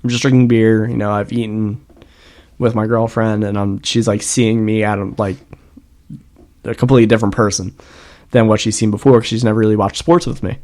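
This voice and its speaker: A man's voice: on the low side, level tone, a little fast, a little mellow. Rambling, profane male podcast co-host. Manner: rambling profane storytelling, laughs often. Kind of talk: casual chat.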